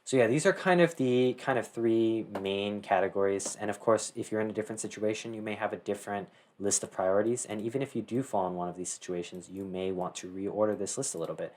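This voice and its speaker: A man's voice: on the low side, quick pace, hardly any pauses, a little mellow, slight background noise. A teenage boy casually talking through a screen-share tutorial, rambling with many fillers and self-corrections. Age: teens. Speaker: tutorial host.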